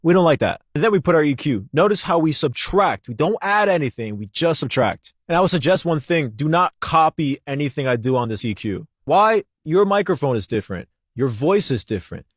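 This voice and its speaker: An energetic man explains his process in a casual, joking tutorial. His voice sits a little higher than most men's. The recording is close and dry, with no room sound. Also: brisk, hardly any pauses, no room sound. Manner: energetic, joking, asks and answers his own questions. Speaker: music producer.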